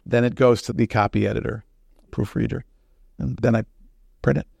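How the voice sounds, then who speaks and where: A man who writes fiction, giving an informal talk on the writing craft in an unhurried, conversational way. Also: mid-range voice, steady tone, vocal fry, a little mellow, husky, no echo, studio quality. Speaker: fiction author.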